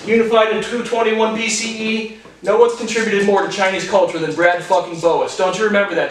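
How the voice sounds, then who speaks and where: A man in his twenties giving a rambling, profane personal monologue to camera, jumping between animated tangents. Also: high-pitched, fairly quick, a little hiss or hum. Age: 20s. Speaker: vlogger. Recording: very echoey room, voice far from mic.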